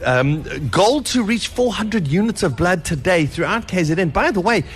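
Animated radio host. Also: male voice, high voice, moderate pace, husky. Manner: animated, jokey. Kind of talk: live radio outside broadcast.

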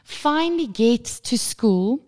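A woman in her thirties co-hosting a casual parenting podcast, telling a story with lively acted-out moments and plenty of swearing. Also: fairly high pitch, takes it slowly. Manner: animated storytelling, acts out screaming child, swears freely. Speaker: podcast co-host. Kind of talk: casual chat.

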